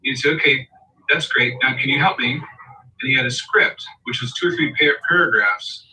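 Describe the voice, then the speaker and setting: A man's voice: mid-range voice, normal speed, sharp tone, far from the mic, low-quality recording. A man on a video call, an audio engineer, telling a long explanatory story. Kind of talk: casual video call chat.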